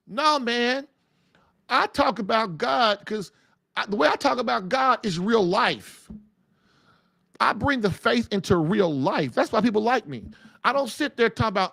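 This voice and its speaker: A man's voice: high voice, very animated, moderate pace, creaky, fairly bright tone, no room sound, clean studio sound. A man hosting a faith-based show, preaching in emphatic, casual talk full of folksy slang and repeated phrases for punch. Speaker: podcast host.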